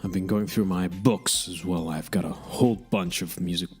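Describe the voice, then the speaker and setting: A man's voice: low voice, fairly even intonation, normal speed, breathy edge, soft background music. A man hosting an online radio show, chatting casually and rambling between songs, frank and self-mocking and often restarting his sentences.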